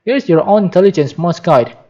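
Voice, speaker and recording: A man's voice: high-pitched, animated, fast, a little mellow. A man, a native Spanish speaker, reading a book aloud for practice, carefully, with occasional slips and restarts. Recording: dull lo-fi sound.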